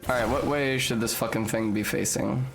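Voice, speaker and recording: A woman's voice: very deep voice, steady tone, over music. A young woman streaming a video game, chatting casually with her audience, joking and swearing freely. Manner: joking, swears freely, quick asides to chat. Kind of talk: casual gameplay commentary.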